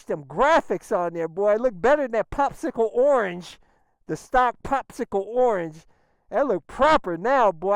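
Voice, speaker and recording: A man talking casually on a motorcycle ride, excitable and slangy, often breaking into exclamations. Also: high-pitched, clean tone, no room sound, clean studio sound. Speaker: motorcycle vlogger. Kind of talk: casual riding vlog. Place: outdoors on a motorcycle.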